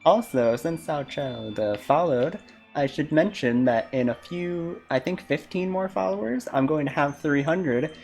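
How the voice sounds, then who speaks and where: Playful streamer, laughs a lot, chats during a game stream, soft music behind. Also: mid-range voice, measured pace, creaky. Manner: laughs often, joking, greets viewers. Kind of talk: casual live-stream chat while gaming.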